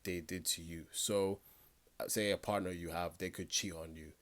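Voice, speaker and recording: Guy with a really low voice, blunt chatty commentary, talks straight at you. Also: steady tone, normal speed, a bit bright. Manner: blunt, conversational, lectures the viewer directly. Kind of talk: reaction commentary.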